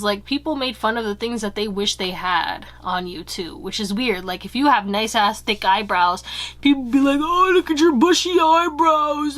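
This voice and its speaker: A woman talking straight to camera as she gives a tarot reading. She is chatty and candid, swears casually, and sits slightly high in pitch. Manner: acts out quoted remarks in higher, louder voices. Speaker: tarot reader.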